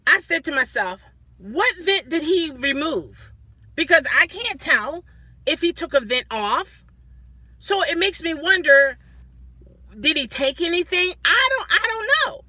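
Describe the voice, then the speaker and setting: A woman telling a story casually as a vlogger, animated, acting out the people she quotes. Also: high voice, measured pace, dry recording.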